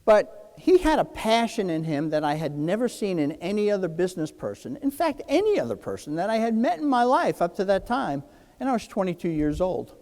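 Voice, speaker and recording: Animated older man telling a story. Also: sits high, brisk, long reverb tail. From New Jersey. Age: 60s. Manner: animated, acts out quoted dialogue. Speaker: keynote speaker. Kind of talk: storytelling keynote speech.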